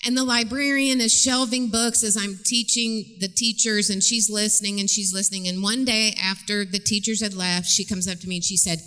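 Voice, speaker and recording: A woman's voice: medium pitch, normal speed, hardly any pauses, soft background music. Chatty woman speaking in a church. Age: middle-aged. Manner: chatty, animated, laughs often, acts out voices. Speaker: guest speaker and parenting teacher. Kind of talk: church talk with storytelling. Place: church sanctuary stage. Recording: long reverb in a large church.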